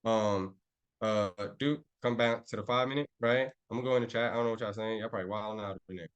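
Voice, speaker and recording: A man's voice: fairly low pitch, fairly even intonation, quick pace, highs cut off. A young man teaching a live trading class with street slang, brash and boastful, swearing freely. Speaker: trading instructor.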